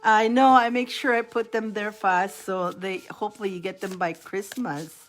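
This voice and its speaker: A woman's voice: medium pitch, steady tone, normal speed, soft background music. A woman giving live-stream tarot readings, chatty, repeating names and laughing often between readings. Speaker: tarot reader.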